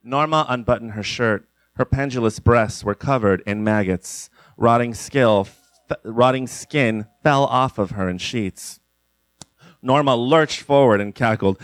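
Deadpan man reading comic story. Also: mid-range voice, unhurried, no room sound. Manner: deadpan, breaks into laughter. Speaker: narrator.

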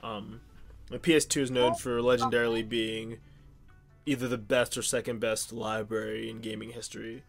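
A man's voice: mid-range voice, flat delivery, moderate pace, creaky, faint music behind. A young man from the Pittsburgh area co-hosting a podcast, rambling casually with lots of ums and restarts. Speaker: podcast co-host. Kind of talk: casual chat.

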